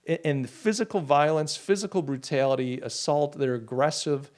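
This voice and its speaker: A podcast host runs a loose live show, reading chat comments and responding in an indignant, rambling way that keeps restarting. He speaks at normal speed with hardly any pauses, his voice high-leaning with a darkish tone.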